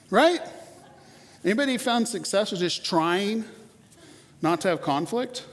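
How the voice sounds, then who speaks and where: A fairly high-voiced man in his forties delivers a sermon as a pastor, chatty and animated, stumbling over repeated words as he builds each point. His voice rings with a long reverb, as in a large church hall. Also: unhurried, long pauses. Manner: conversational, animated, repeats words when starting sentences.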